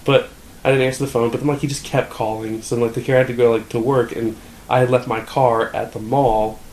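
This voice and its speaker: A man's voice: medium pitch, little pitch movement, fast, a little mellow. A young man casually telling a rambling story, full of fillers and swearing. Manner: rambling, filler-heavy, profane. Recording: echoey room, faint background noise.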